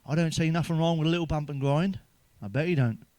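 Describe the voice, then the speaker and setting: A man's voice: on the high side, quick pace, a little mellow, dry recording. A man telling crude stand-up jokes in a chatty, swearing manner, ending with tag questions. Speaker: stand-up comedian.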